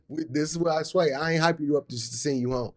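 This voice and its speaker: A man's voice: on the high side, fast. A man hosting a live business stream, talking in a hyped, repetitive way with casual slang. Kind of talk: motivational live talk.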